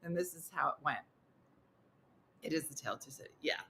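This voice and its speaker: A woman's voice: deep voice, fast, gravelly, sharp tone, a little hiss or hum. A middle-aged woman hosting a morning show, telling a funny story in a casual way and laughing often as she goes.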